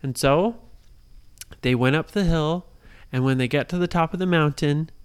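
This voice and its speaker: A woman improvising a bedtime story for a child, lively and singsong, often pausing to ask the child questions. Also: low-pitched, clean tone. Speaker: parent telling a bedtime story.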